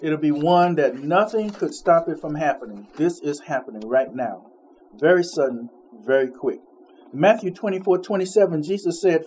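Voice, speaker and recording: A man preaching an informal sermon in a conversational way, laughing between points and slowing down to read scripture. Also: on the high side, expressive, darkish tone, slight background noise.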